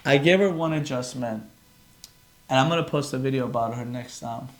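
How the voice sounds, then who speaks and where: Live-streaming a casual podcast from his phone, a chiropractor speaks fairly quickly in a mid-range voice. He's earnest and rambling, frequently interrupting himself partway through sentences.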